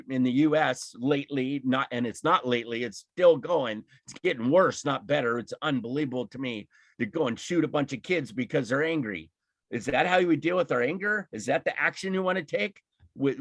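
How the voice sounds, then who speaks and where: A man's voice: fairly high pitch, creaky, no echo. A man teaching an online emotional intelligence class, talking in an emphatic, fired-up way with frequent laughs and restarts. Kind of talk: live online class, impassioned talk.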